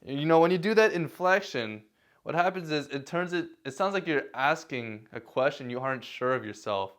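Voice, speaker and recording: Smooth-voiced man giving casual advice. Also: on the high side, lively intonation, normal speed, a bit bright. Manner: self-deprecating, many fillers and restarts, chuckles. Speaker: vlogger. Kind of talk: casual talking-head advice.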